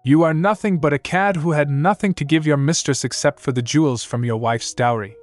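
A man's voice: fairly high pitch, brisk, dry recording, faint music behind, close to an everyday voice. A man playing a sneering sorcerer messenger. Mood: disdainful. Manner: disdainful, cutting.

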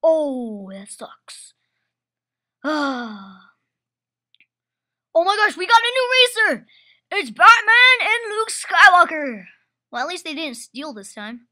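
A woman commentating a home-made toy race, full of excited exclamations. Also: very high voice, takes it slowly, pauses often.

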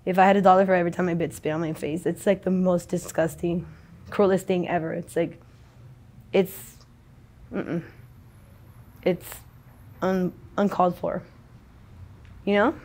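A woman's voice: lowish voice, steady tone, measured pace, pauses often, a little mellow. A young adult woman in a casual street interview, talking in a rambling, slangy, profane way.

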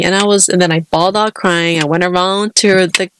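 A woman's voice: fairly low pitch, steady tone, a little fast, hardly any pauses, fairly bright tone, smooth. An American woman in her thirties, a podcast co-host telling a long personal story in casual chat, with frequent restarts. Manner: chatty storytelling, many restarts.

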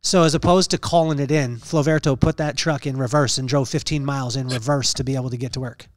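A man's voice: medium pitch, steady tone, quick pace, no room sound, clean studio sound. A man hosting a podcast, telling a personal story in an earnest, preacher-like way and repeating phrases for emphasis. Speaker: podcast host.

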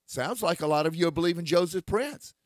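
A man preaching a critical sermon, quoting scripture and building to forceful outbursts. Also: a little high, fairly quick, no room sound, clean studio sound.

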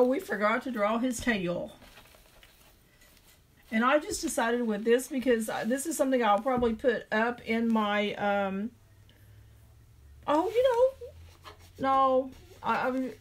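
A middle-aged woman with a Southern drawl, chatting through a craft tutorial and thinking aloud as she draws. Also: a little high. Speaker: craft video host.

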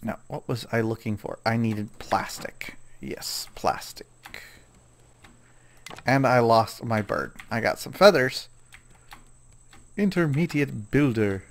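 A man's voice: medium pitch, slow, pauses often, slight background noise. A man casually commenting on his own gameplay, chatting to himself and scolding the animals in the game.

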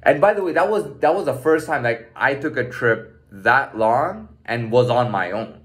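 A man in his thirties tells a story from his own life in a loose, rambling way. His pitch swings up and down with animation, and his speech is peppered with swearing and "like" fillers. The tone stays casual and conversational throughout. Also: animated, normal speed, a bit bright. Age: 30s. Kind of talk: casual personal storytelling monologue.

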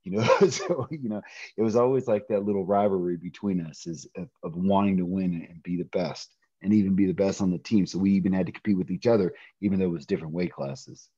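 A middle-aged man telling a personal story in a podcast interview, animated, often laughing and acting out quoted voices. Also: sits low, quick pace, husky, dry recording, highs cut off. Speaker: interview guest, pro wrestler.

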